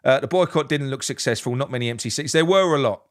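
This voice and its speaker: A man's voice: mid-range voice, fast talker. A man hosting a live fan reaction stream, reading out chat messages and venting his frustration with plenty of swearing and restarts. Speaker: fan channel host.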